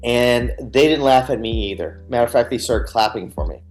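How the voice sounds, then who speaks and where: A man speaks as a guest on a radio interview, telling his own story earnestly and candidly. His voice sits at an ordinary mid pitch for a man. Soft music plays faintly in the background. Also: fairly quick. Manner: earnest, candid, retells scenes with quoted dialogue.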